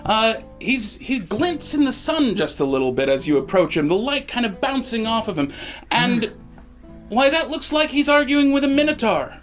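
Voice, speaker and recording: A man narrating as game master in a halting way, often repeating words. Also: very high-pitched, sing-song, a bit bright, faint music behind.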